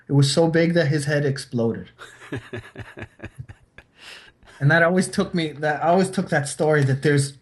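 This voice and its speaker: A podcast host with a slightly high voice talks in a casual, rambling way. He philosophizes freely and retells fables to make his point. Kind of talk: casual chat.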